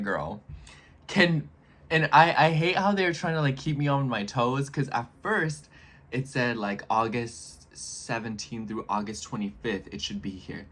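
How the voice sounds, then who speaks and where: Young man, casual vlog chat, rambling, animated, mid-pitched voice. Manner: rambling and animated, addresses viewers as y'all. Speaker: astrology YouTuber.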